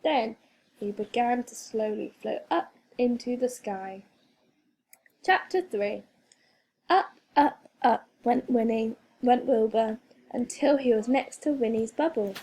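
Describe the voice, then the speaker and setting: A woman reading a children's storybook aloud as a teacher, expressive and playful with sound effects. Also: on the high side, slow pace, breathy edge.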